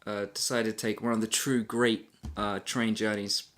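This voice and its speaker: A man's voice: on the low side, flat delivery, normal speed, crowd noise. Rambling self-deprecating man telling a travel story. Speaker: travel vlogger. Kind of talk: casual storytelling to camera.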